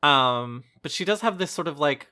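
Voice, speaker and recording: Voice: medium pitch, expressive, moderate pace, bright, forceful tone, smooth. A podcast co-host in casual chat, rambling and hesitant with many ums.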